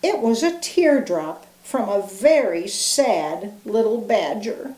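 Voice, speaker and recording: An older woman, a grandmother, reading a picture book aloud in a gentle, expressive way. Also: mid-range voice, slow, few pauses, roomy sound. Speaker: grandmother storyteller.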